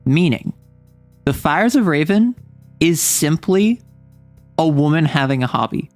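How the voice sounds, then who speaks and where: A woman's voice: low-pitched, animated, a little slow, a little mellow, dry recording, soft background music. A young adult woman streaming a game, chatting casually and joking with mock indignation.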